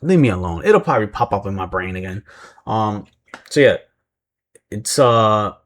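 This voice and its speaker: A man with a somewhat low voice talks through a wrestling show in a loose, rambling way. He keeps laughing at his own forgetfulness and now and then slips into quick mimicry of the people he is describing. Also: lively intonation, fairly bright tone. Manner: rambling, self-deprecating, mimics voices when retelling. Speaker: wrestling recap vlogger. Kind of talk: casual recap commentary.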